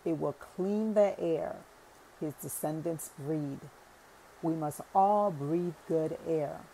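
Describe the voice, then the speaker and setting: A wise older man who delivers slow, measured words of wisdom, voiced by a woman reading aloud. His voice sits low with a gravelly rasp in a storybook parable. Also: mellow, slight background noise, rough recording. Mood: solemn. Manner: measured, sermonizing pronouncements. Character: thoughtful wise older man, elder brother.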